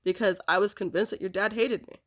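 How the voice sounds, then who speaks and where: A woman recounting a painful personal memory, halting, with many fillers and restarts. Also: medium pitch, steady tone. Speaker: storyteller.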